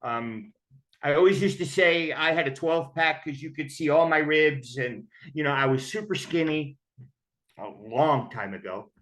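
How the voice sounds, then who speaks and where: A man's voice: a little high, unhurried, a bit bright. A man telling his own story of recovery in a candid, conversational way. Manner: candid, conversational, acts out quoted voices. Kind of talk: personal storytelling.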